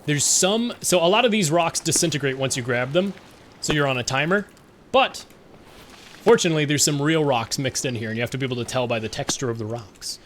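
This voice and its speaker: A man's voice: fairly high pitch, brisk, fairly bright tone, a little hiss or hum. Rambling, self-mocking male streamer. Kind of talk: casual gameplay commentary.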